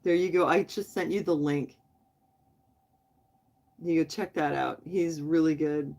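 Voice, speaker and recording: A woman's voice: low voice, fairly even intonation, unhurried, vocal fry, a little mellow. Chatty woman hosting a late-night livestream. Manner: chatty, talks straight to viewers in the chat; laughs often, loose and friendly. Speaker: livestream host.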